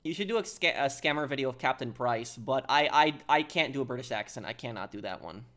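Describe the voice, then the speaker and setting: A man streaming a game, chatting casually and haltingly, reading out and answering chat. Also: medium pitch, lively intonation, pushed and bright.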